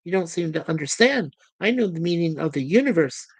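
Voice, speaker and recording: A woman's voice: lowish voice, animated, brisk, darkish tone, breathy edge, dry recording. A woman doing a boastful genius computer. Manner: boastful, testy. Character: proud female ship computer, suddenly genius.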